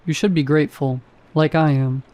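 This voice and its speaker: A deadpan male security guard who sounds like nothing in the world matters to him, as a male narrator reads him. His voice is mellow and dark-toned, delivered in a flat monotone that stays almost bored. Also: a little high, normal speed, lightly acted.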